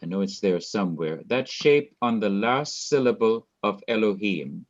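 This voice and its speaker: A man with a Jamaican accent teaching a Hebrew lesson, speaking deliberately, repeating key words and quizzing his students. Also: lowish voice, lively intonation. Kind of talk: online Bible language lesson. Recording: dull lo-fi sound.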